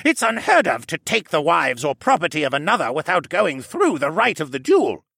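A man voicing a formal, cautious old male koala archivist who speaks in a precise, placating way in a raised, husky voice. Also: on the high side, wildly swooping pitch, normal speed, bright, forceful tone, no room sound, studio quality, voice pushed up, heavily acted. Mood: urgent.

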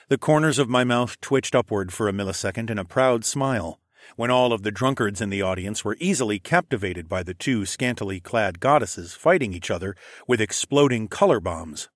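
A man's voice: fairly low pitch, no echo, studio quality. A man narrating a first-person fantasy audiobook in a wry, sardonic tone with casual swearing.

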